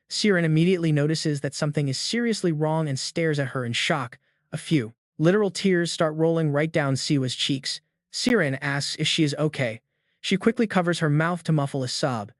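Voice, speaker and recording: A man's voice: a little high, no echo, clean studio sound. A man narrating a story recap in a hyped, slangy storytelling manner.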